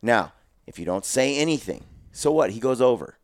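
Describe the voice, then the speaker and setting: A man co-hosting a casual podcast, an animated storyteller who acts out the people in his stories. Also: mid-range voice, normal speed, no echo, clean studio sound. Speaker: podcast co-host.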